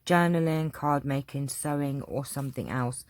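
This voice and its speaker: Low-voiced chatty English woman. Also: normal speed, slight background noise. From England. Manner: chatty, rambling, with many fillers. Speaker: craft channel host. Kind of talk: casual Q&A chat.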